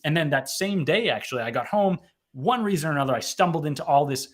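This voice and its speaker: A man's voice: on the high side, animated, fast. Rambling man telling his story. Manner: rambling, self-correcting, frequent "right?" tags. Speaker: author and mental health advocate guest. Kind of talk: casual interview storytelling.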